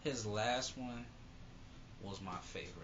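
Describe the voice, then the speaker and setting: A man co-hosting a podcast in casual, profane, animated chat, laughing often. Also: medium pitch, measured pace, a little hiss or hum. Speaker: podcast co-host. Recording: dull lo-fi sound with music behind.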